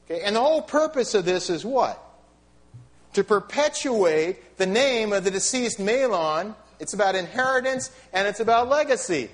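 Middle-aged guy preaching, high-ish voice that jumps all over, chatty asks the crowd stuff. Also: normal speed. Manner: animated, conversational preaching with rhetorical questions and asides. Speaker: pastor. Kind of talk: sermon.

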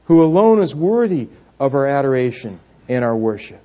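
A man's voice: medium pitch, big pitch swings, normal speed. Dramatic male pastor preaching, lo-fi sound. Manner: asks the congregation questions and leads call-and-response; dramatic, swings between hushed and loud. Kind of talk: sermon. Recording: dull lo-fi church recording.

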